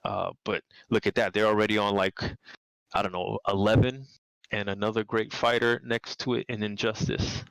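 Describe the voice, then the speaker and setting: Low, smooth-voiced New man. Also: level tone, normal speed, fairly bright tone, dry recording, rough recording. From New York City. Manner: rambling, repeats words, laughs often. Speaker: podcast guest, game designer. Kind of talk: casual interview chat.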